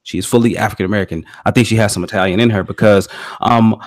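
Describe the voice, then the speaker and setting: A man in casual podcast chat, telling animated anecdotes and laughing along. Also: lowish voice, fast. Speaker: podcast co-host. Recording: dry close sound.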